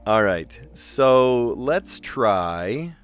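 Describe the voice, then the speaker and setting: A man's voice: medium pitch, big pitch swings, extremely slow, faint music behind. A middle-aged man, a teacher, chatting casually as he solves word puzzles aloud, muttering letters and laughing at himself.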